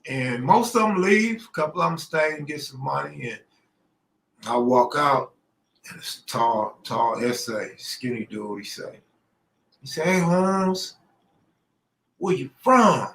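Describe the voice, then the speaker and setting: A man's voice: medium pitch, unhurried, gravelly, a bit bright. A middle-aged man from Los Angeles telling a true story in a casual, slangy way, acting out the people he quotes. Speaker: storyteller host. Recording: roomy echo.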